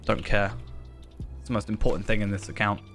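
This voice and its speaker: A man's voice: fairly low pitch, flat delivery, brisk, a bit bright. A man chatting in a rambling, self-deprecating way while streaming a game. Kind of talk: casual gaming commentary. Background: faint game music.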